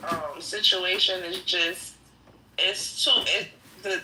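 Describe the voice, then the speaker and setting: A woman's voice: fairly low pitch, bright, forceful tone, far from the mic. A woman in casual, opinionated podcast chat, rambling through her point with many fillers and restarts. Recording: echoey room.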